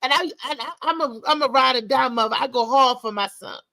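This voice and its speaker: A middle-aged woman hosting a talk show, telling a personal story in a candid, emphatic, animated way. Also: sits high, fairly quick, no room sound, rough recording.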